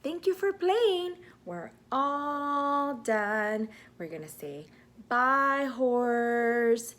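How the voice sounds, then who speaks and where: Slow sing-song woman speech therapist. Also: on the high side, expressive, sharp tone. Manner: slow, exaggerated sing-song with animal sounds and stretched first sounds. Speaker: speech-language pathologist. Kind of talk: child-directed toy play lesson.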